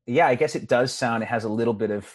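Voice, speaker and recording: Canadian guy w an english tinge, middle-aged comic, telling stories fast and loose, swears a lot, mid-pitched voice. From born in England, raised in Canada. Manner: animated storyteller, swears freely. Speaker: guest comedian. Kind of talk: casual podcast chat.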